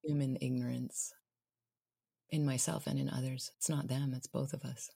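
A woman podcast guest speaking slowly and reflectively, in a searching, heartfelt way. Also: rumbling low, level tone, gravelly, dark tone, slightly rough, no room sound, clean studio sound. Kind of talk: reflective conversation.

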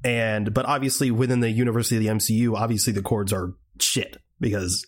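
A man's voice: on the low side, fairly even intonation, brisk. A man co-hosting a podcast, talking in a casual, rambling way full of restarts and swearing. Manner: heated, swearing rants with acted-out quotes. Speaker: podcast co-host. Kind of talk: casual chat.

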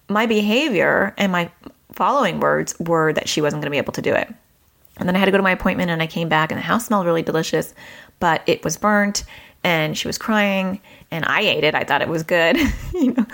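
A woman's voice: on the low side, creaky, a bit bright. A woman in her forties hosting a podcast, telling a family story in a chatty, self-deprecating way. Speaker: podcast host. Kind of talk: casual podcast monologue.

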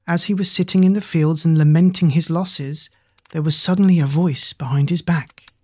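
Breathy, measured storybook narrator. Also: mid-range voice, no echo. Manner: even, measured telling with questions to the listener.

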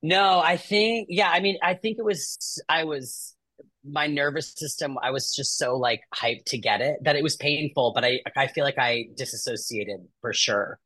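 A man's voice: a little high, normal speed, pushed and bright, no echo. A man co-hosting a podcast in casual chat, blunt and swearing, often trailing off mid-thought. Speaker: podcast co-host.

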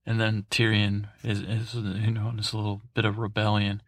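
A man's voice: fairly low pitch, completely flat delivery, moderate pace, hardly any pauses, a bit bright, no echo, studio quality. A man hosting a sleep podcast, recapping in a meandering, digressive way full of fillers and restarts. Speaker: podcast host.

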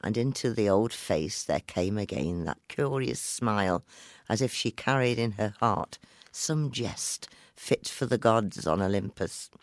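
A man narrating a storybook with a low, gravelly voice that rises and falls with the tale. He reads in a measured, expressive way. The sound is dry and close. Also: dry recording. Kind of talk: storybook reading.

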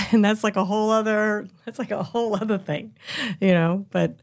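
A woman's voice: mid-range voice, steady tone, moderate pace. A woman in her seventies, a guest in an interview, talking candidly in a rambling, storytelling way. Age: 70s. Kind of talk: casual interview.

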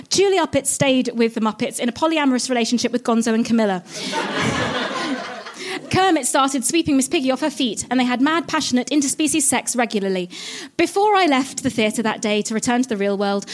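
A woman performing a comic story to a live audience, theatrical and switching into character voices. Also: sits high.

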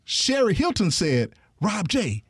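A man's voice: slow pace, slightly rough, no room sound, studio quality. A man telling a story in casual chat, acting out the people he quotes and laughing often. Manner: animated, acts out quoted voices with big pitch jumps. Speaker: guest storyteller.

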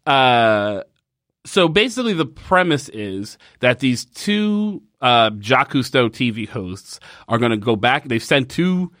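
A man from New York State co-hosts a loose conversation, retelling scenes with animated jumps and easy laughter. His middle-pitched voice sounds dry and close to the mic. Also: slow pace, no echo. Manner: laughing, animated storytelling with fillers. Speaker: podcast co-host. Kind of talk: casual chat.

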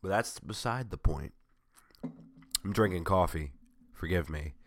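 Sarcastic, sick, low-voiced man rambling. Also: a little slow. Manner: sarcastic, rambling, self-mocking. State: sick with a cold, voice strained. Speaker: vlogger. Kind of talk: casual chat.

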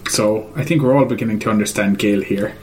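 A man's voice: on the low side, fast, slight background noise. A man in casual chat, retelling a video game's story in a hesitant, rambling way full of ums and uhs.

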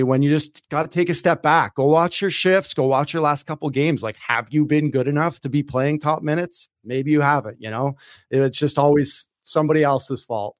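A man in his thirties, a former pro hockey player and podcast guest, telling a story in a casual, animated way. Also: on the high side, normal speed, no echo, studio quality. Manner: animated, acts out his own shouts in the story.

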